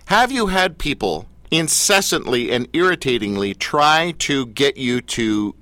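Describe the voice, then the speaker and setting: Male talk show host, playful and bouncy, pitch all over the place. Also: unhurried, no echo. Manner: playful, animated questioning.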